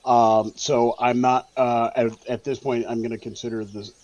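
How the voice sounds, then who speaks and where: A man's voice: medium pitch, flat delivery, moderate pace, a little mellow, dull audio. A man playing a tabletop game over a voice call, hesitant, thinking aloud with many fillers. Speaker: player. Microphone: online voice call mic.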